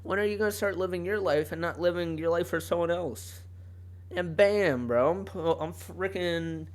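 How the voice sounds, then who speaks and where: A man's voice: a little high, moderate pace. A young man hosting a solo podcast, talking casually in a rambling way, often cutting himself off and laughing. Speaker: podcast host. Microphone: home podcast mic.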